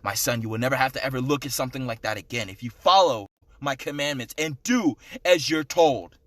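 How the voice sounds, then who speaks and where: A man voicing the Lord as a solemn, commanding male figure, speaking slowly and gravely in a much deeper voice than his own. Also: no room sound, natural voice.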